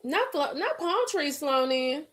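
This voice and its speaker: A woman with a fairly high voice hosts a casual live-stream chat. She talks straight to her viewers in an animated way and hammers her points home by repeating them. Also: a little slow. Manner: emphatic, repeats lines for effect.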